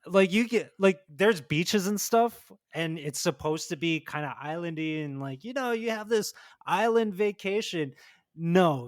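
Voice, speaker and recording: A man's voice: on the high side, dry recording, clean studio sound. A man co-hosting a casual podcast, rambling with lots of "like" and "you know". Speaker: podcast co-host.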